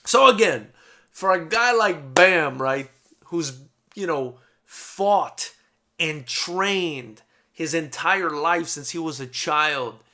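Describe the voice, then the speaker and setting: Bright, animated man telling fight stories. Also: on the high side. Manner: animated, profane storytelling with frequent "man". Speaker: host of a fight post-show. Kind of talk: casual chat.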